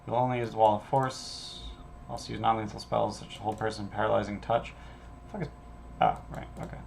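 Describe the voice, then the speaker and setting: A man's voice: lowish voice, level tone, a little fast, creaky, darkish tone, slight background noise. A man running a casual solo prep stream as a game master, thinking aloud and reading adventure text in an offhand way, with some casual swearing.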